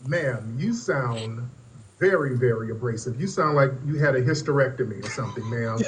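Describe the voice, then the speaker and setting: A man's voice: medium pitch, moderate pace, slight background noise. A man hosting a live stream and roasting a caller, teasing her and repeating "ma'am" in a mocking way. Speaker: host.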